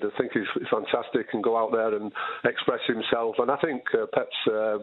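A man, a former footballer, talking in a halting, repetitive way in a casual chat. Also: medium pitch, no room sound, narrow, tinny audio. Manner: halting, repeats words.

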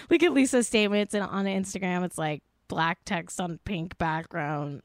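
A woman's voice: mid-range voice, moderate pace, few pauses, smooth, no room sound, studio quality. Sarcastic woman ranting in a vlog. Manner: sarcastic, exasperated, lots of "like". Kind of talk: casual commentary vlog.

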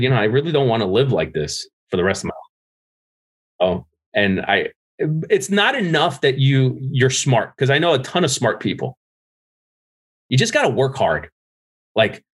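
A man's voice: medium pitch, a bit bright. Candid, swearing middle-aged man. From New Jersey. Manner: candid, profane, laughs at his own stories. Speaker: podcast guest. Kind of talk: casual interview storytelling.

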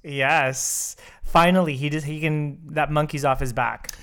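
A man's voice: a little high, fairly even intonation, a little slow, a bit bright, smooth. Sassy, emphatic male podcast co-host. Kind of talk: casual chat.

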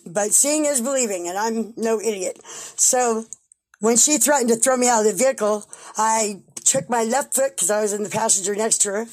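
Blunt, animated woman telling a story. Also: fairly high pitch. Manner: animated, blunt and profane, acts out quoted dialogue. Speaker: interviewee recounting events. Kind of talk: casual spoken storytelling.

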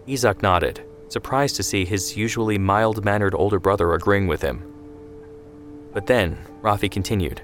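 A man reading a scripted historical story in a measured, steady way. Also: low-pitched, faint music behind. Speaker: narrator. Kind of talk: scripted narration.

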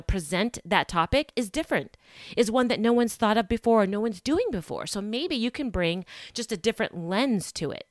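A woman's voice: medium pitch, dry recording, clean studio sound. A woman hosting her own podcast in casual solo talk, gushing and exclamatory. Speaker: podcast host. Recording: music bed under the voice.

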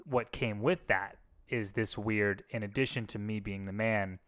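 A man's voice: lowish voice, steady tone, measured pace, fairly bright tone. A man, a former pastor, talking candidly and reflectively in a casual conversation, with frequent restarts. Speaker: podcast co-host, former pastor.

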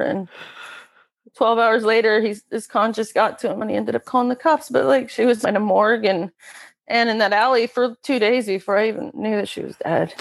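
A middle-aged woman telling a painful personal story as a guest, candid and emotional, often halting. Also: mid-range voice, vocal fry.

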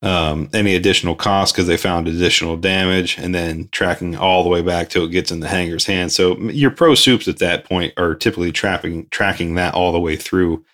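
A man's voice: low-pitched, fairly even intonation, fairly quick, hardly any pauses, a bit bright. A man who works in aircraft maintenance, talking casually and thoughtfully with plenty of ums and a dry sense of humor. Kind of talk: casual shop talk.

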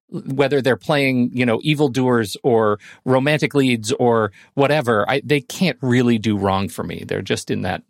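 Podcast co-host, male, halting and thoughtful, dry mic. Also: mid-range voice, vocal fry, no room sound. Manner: halting, many restarts. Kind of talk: casual film discussion.

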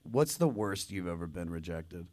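A man's voice: low-pitched, lively intonation, moderate pace, a little mellow, slight background noise. A man hosting a live podcast on stage, reading out song background and teasing his guest. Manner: reads out song facts, then teases the guest. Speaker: podcast host. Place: live stage in front of an audience.

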